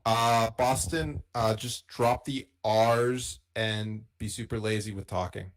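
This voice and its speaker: A man co-hosting a live podcast stream, talking in a relaxed way and reading out viewer comments. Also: on the low side, slow pace, low-quality recording. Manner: relaxed, reads out chat comments. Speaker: podcast co-host. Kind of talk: casual live-stream chat.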